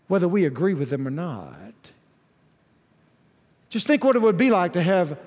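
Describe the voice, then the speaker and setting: A man preaching from the pulpit, his voice sitting high for a man and ringing through a long hall reverb. He drops to soft asides, then climbs to shouted emphasis. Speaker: pastor. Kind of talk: sermon.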